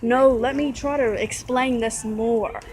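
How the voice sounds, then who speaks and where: Fed up woman venting to her camera, kinda high voice, keeps backtracking and correcting herself, lots of sighs. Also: fairly even intonation, measured pace, darkish tone, poor audio. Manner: rambling, repeats and corrects herself; exasperated, sighing. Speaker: vlogger. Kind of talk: casual venting monologue.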